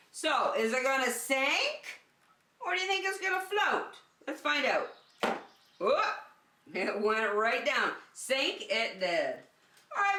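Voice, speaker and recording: Brief: bright, lively female preschool teacher; slow, sing-song delivery; recorded at a distance in an echoey room. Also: medium pitch. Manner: sing-song, animated, addressing children as friends. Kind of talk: children's circle time lesson.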